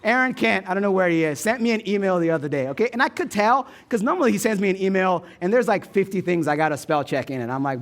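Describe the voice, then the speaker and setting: A male pastor with an American Midwest accent, preaching a sermon in a joking, animated storytelling way and asking the room for replies. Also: high voice, quick pace, few pauses. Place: church stage.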